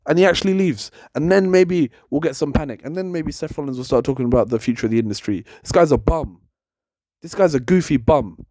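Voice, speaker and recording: A man's voice: on the high side, a little mellow, no echo, clean studio sound. Exasperated man ranting. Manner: exasperated, emphatic, repeats his points. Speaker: wrestling commentator and channel host. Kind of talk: heated opinion rant.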